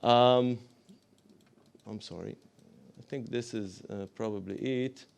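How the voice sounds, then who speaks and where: A man's voice: mid-range voice, steady tone, slow pace, vocal fry, darkish tone, smooth. A man presents his startup to a live audience, hesitant, with many fillers and apologetic asides. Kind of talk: business pitch to a live audience.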